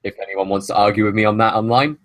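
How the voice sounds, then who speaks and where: A man's voice: lowish voice, fairly even intonation, fast talker, fairly bright tone, dry recording. A man hosting a film podcast, making long opinionated arguments in casual chat. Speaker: podcast host.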